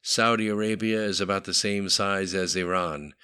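A man narrating a novel audiobook in a steady, matter-of-fact way. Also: sits low, normal speed, clear, resonant tone.

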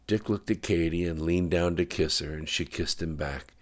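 A man reading fiction aloud in a steady, understated narration. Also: low-pitched, moderate pace. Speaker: audiobook narrator. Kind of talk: scripted narration.

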